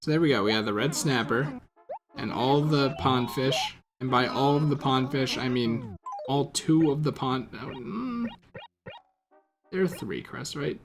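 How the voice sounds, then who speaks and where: Man, let's play commentator, unhurried and rambling, self-correcting with casual swearing, over clear game music. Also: medium pitch, lively intonation. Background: video game music.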